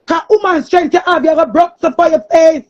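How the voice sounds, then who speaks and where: A woman with a Jamaican accent in an angry, cursing monologue, often shouting. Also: very high-pitched, fairly quick. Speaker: streamer. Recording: muffled lo-fi recording.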